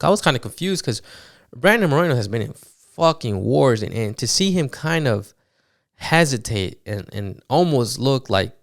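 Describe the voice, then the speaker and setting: A man recapping fights on his podcast in a loose, animated monologue, swearing often and full of fillers. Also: mid-range voice, dry recording, studio quality. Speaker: podcast host.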